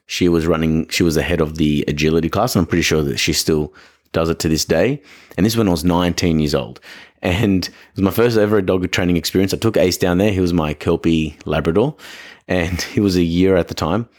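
A man's voice: sits low, a little fast, a little mellow. An Australian man hosting a podcast, telling a story in a chatty, rambling, self-deprecating way. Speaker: podcast host. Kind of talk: casual storytelling monologue.

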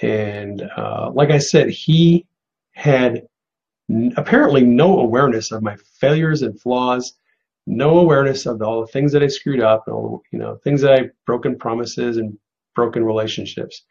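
A man's voice: medium pitch, moderate pace, vocal fry, darkish tone. A man speaks earnestly on a live spiritual broadcast, encouraging his listeners and restarting his phrases often. His voice sits mid-range. The sound is a little dull and lo-fi. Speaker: host of a live prophetic broadcast. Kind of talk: pastoral teaching and answering callers.

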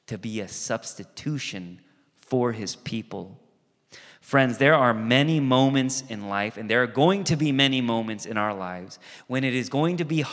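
A man preaching a sermon as pastor, animated and conversational, acting out quoted voices and asides. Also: medium pitch. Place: church sanctuary. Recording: long reverb of a church hall.

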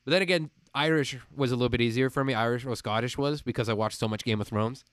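A man with a faint Midwestern American accent chats as a podcast host, rambling and animated. His voice sits at an ordinary middle pitch. The sound is dry and close, with no room around it, as on a video call. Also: fast talker, dry recording. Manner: animated, rambling, laughs often. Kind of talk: casual chat.

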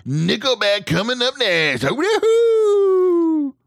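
A man putting on a cheesy male FM radio DJ voice with booming, hyped announcer patter. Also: expressive, takes it slowly, no echo, clean studio sound, heavily acted.

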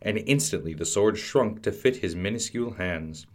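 A man hosting a podcast, reading a fantasy storybook aloud in a measured, dramatic way. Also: fairly low pitch, animated, a little mellow. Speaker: podcast host and storybook narrator. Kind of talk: scripted storybook narration.

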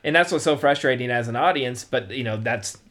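A man's voice: mid-range voice, fairly quick, a bit bright. A man casually discussing a movie as a podcast host, rambling and restarting often. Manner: rambling, full of "you know" and restarts.

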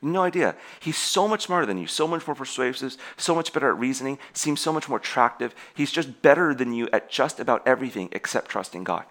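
A young adult man preaching a sermon to his congregation in an animated way, laughing often and restarting his sentences. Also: medium pitch, fairly quick, hardly any pauses. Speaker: pastor.

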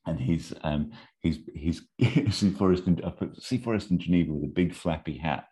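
A man with a deep voice and a dark tone casually pitches a made-up film plot at a moderate pace. He rambles, says um a lot, and tosses in amused asides.

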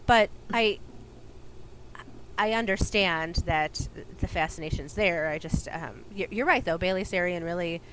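A woman's voice: fairly low pitch, unhurried. Woman cohost just chatting, lots of ums, a bit of hiss behind. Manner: chatty, rambling with many fillers. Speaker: podcast co-host. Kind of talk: casual chat.

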